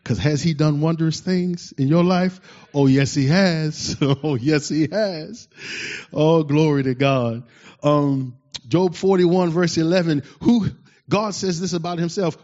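A man preaching a sermon to his congregation, his voice sitting a little high for a man. His delivery is fervent and emphatic, swinging from loud, fired-up exclamations to soft asides. The recording is dull and lo-fi. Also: animated, a little slow. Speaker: pastor.

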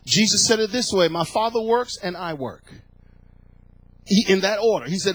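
High-voiced fervent preacher man. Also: animated, normal speed, husky, no echo, poor audio. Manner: preachy, building to fervent shouts, repeats phrases. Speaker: pastor. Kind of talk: sermon.

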